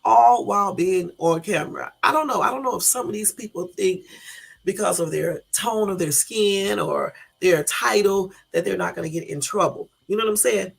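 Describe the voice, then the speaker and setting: Gravelly-voiced woman hosting a casual live. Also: mid-range voice, normal speed. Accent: Southern US. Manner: chatty, loose, talks to chat viewers. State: groggy morning voice. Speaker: YouTube live host. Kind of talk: casual live-stream commentary.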